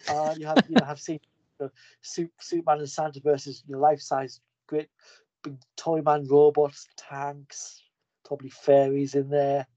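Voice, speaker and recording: Brief: enthusiastic male podcast host, mellow, rambling, dry lo-fi sound. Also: a little high, little pitch movement, moderate pace, dry recording. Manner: enthusiastic, rambling, with frequent restarts. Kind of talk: casual comic book recap. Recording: dull lo-fi podcast audio.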